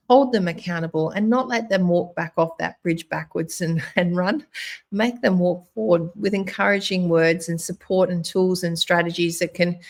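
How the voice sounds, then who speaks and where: A middle-aged woman talks in a motivational monologue, her voice low and gravelly. She speaks earnestly, repeating herself and restarting her sentences often. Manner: earnest, repetitive, with fillers and restarts. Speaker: host.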